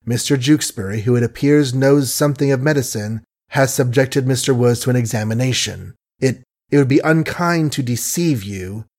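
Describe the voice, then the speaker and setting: A man voicing a grave, gentle gentleman who speaks sadly and in a measured way. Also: medium pitch, lightly acted.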